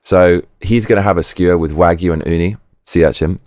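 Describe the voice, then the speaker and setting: This livestream host has a deep, slightly mellow voice with fairly even intonation, and he talks a bit fast. Recorded dry with clean studio sound, he rambles, swears openly, and restarts a lot.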